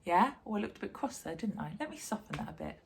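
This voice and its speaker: A woman's voice: mid-range voice, very animated, fast, gravelly, a little mellow. A woman, a drama teacher, giving a chatty and encouraging online sign language lesson.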